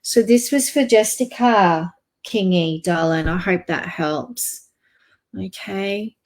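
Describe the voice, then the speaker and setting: A woman giving a psychic card reading on a live online stream. She talks softly and gently, halting often with fillers. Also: medium pitch. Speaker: psychic reader.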